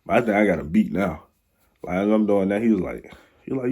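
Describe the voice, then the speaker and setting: A man's voice: lowish voice, brisk, darkish tone. A young man telling a rambling, slang-filled story in a casual storytime vlog. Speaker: vlogger.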